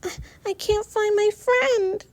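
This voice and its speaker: Woman voicing a panicked blind young woman, shrill high cries, screaming for help, storybook reading. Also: fairly even intonation, slow. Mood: desperate. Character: blind young woman under attack, terrified.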